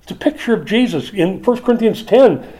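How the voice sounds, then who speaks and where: An older man preaching a sermon as a pastor, dropping soft for asides and rising high when he pleads. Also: animated, brisk, rough recording.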